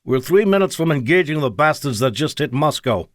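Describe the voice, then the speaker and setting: A man's voice: on the high side, expressive, fairly quick, no echo, clean studio sound, voice pushed up, natural voice. A man voicing a grim male Russian wing commander with a thick Russian accent, speaking in formal radio talk with an ominous edge. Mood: determined.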